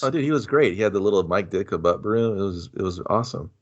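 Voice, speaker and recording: Man, casual movie chat, low pitch, dull lo-fi recording, laid-back. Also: lively intonation. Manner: laid-back, laughing, swearing, quick reactions. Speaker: podcast co-host.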